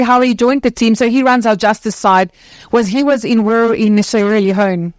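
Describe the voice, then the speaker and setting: A woman speaking on a conference stage as the founder of an anti-trafficking charity. She talks passionately and earnestly, in quick bursts with many restarts. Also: fairly high pitch, no room sound. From South Africa.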